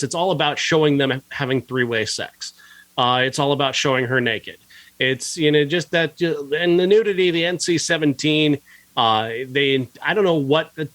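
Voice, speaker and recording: A man's voice: fairly high pitch, a bit bright, dry recording. A man co-hosting a podcast, ranting angrily and profanely in a heated casual film review. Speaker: podcast co-host and film critic.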